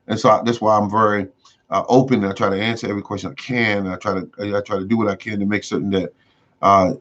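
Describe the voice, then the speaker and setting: Rambling, low-voiced man hosting a livestream. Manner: rambling, repeats himself, many fillers. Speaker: host of a gardening livestream. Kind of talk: casual livestream chat. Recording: dull lo-fi sound.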